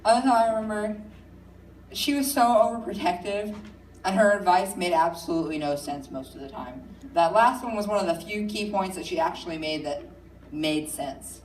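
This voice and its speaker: A woman telling a stand-up comedy story, talking quickly and chattily. Her voice is pitched in a middle range. The recording sounds roomy and distant, with a faint hum underneath. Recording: echoey room, mic far off.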